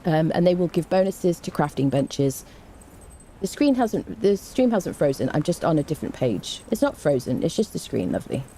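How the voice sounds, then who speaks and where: A British woman streaming a game live, chatting warmly with viewers, greeting them and reading patch notes with frequent ums and restarts. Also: sits low, very animated, moderate pace, a little hiss or hum.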